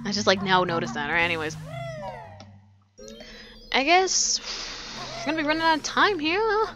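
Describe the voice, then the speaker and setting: A woman's voice: high-pitched, normal speed. A young woman giving casual, rambling let's-play commentary, full of "like" and swearing, giggling often. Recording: game music behind voice.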